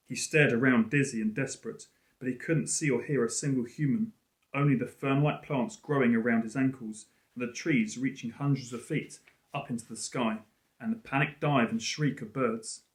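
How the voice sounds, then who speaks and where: Guy teacher doing storytime, mid pitch voice, lively reading, echoey room. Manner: expressive, lively read-aloud. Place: school room. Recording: roomy echo.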